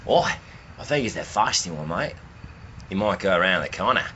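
A man's voice: low-pitched, lively intonation, brisk, sharp tone, lo-fi sound, slight background noise, voice pushed down. A man voicing a rowdy bloke who narrates backyard animals in a put-on Australian accent. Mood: joking.

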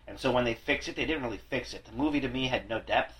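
A man's voice: medium pitch, quick pace, fairly bright tone, rough recording. A man hosting a podcast in casual chat, rambling and self-deprecating, with frequent swearing and restarts. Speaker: podcast host.

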